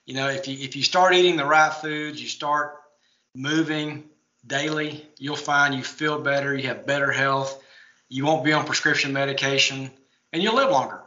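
A man's voice: mid-range voice, moderate pace, sharp tone, echoey room, highs cut off. A man from Texas, a guest in a casual interview, talking in an earnest, motivational way over a remote line. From Texas, United States.

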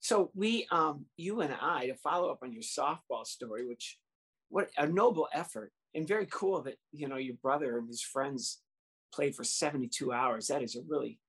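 A podcast co-host chatting in a relaxed, conversational way and laughing along. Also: mid-range voice, normal speed, slightly rough. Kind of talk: casual chat.

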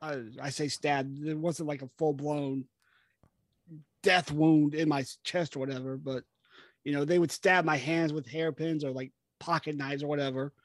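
A man's voice: a little high, fairly even intonation, moderate pace, no room sound. A man co-hosting a podcast, chatting bluntly and profanely about wrestling life and rambling as he goes. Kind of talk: casual chat.

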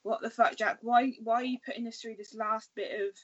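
A woman on a podcast panel, chatting in a lively way with laughs and mock exasperation. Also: on the high side, brisk. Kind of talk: casual chat. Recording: muffled audio with faint noise.

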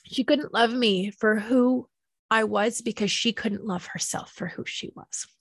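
A woman gently reflecting on healing and self-compassion, slow and tender, emotional and near tears. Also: a little high, no echo, clean studio sound. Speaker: speaker sharing personal healing. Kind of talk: reflective personal talk.

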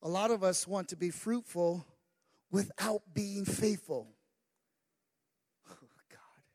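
High-voiced preaching pastor, man. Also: slow. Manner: builds from quiet asides to shouted, sing-song preaching with many "uh" fillers. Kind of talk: sermon.

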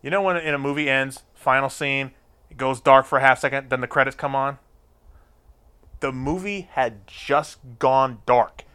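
A man's voice: medium pitch, moderate pace, clean tone. A man telling a crude story in casual, profane chat and acting out the voices of the people in it. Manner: profane, animated, acts out the voices of people in his stories.

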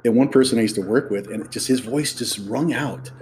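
A man hosting a podcast, telling stories in casual chat and dropping into quick impressions. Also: medium pitch, darkish tone, slight background noise. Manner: chatty storyteller, drops into quick impressions. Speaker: podcast host.

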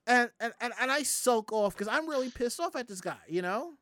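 This streamer from the Southern United States talks a little fast in a mid-range voice with no echo. They spin a story for chat in a casual, animated, profane style, voicing the characters.

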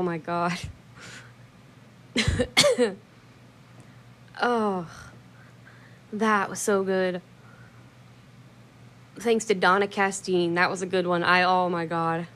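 A woman's voice: medium pitch, fairly bright tone. Blunt, foul-mouthed woman ranting casually. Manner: blunt, swears freely, laughs hard. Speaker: vlogger. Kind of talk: casual rambling chat.

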